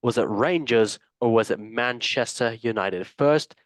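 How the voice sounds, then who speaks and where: A man's voice: medium pitch, measured pace, no echo. Playful man hosting a football quiz. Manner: playful, jokey, swears and laughs often. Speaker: quiz host. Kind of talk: casual podcast chat.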